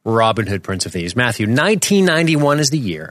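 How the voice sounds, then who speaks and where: A man's voice: mid-range voice, big pitch swings, fairly quick, fairly bright tone, no echo. A man in his forties co-hosting a podcast, rambling and joking with casual swearing. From United States. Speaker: podcast co-host. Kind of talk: casual chat. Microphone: studio microphone.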